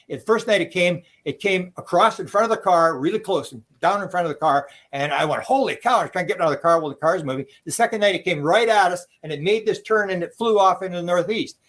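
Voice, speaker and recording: Fast-talking excitable older man storyteller. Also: high voice. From Canada. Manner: excitable, acts out quoted exclamations, frequent restarts and laughs. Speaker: UFO researcher telling stories. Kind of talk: animated storytelling interview.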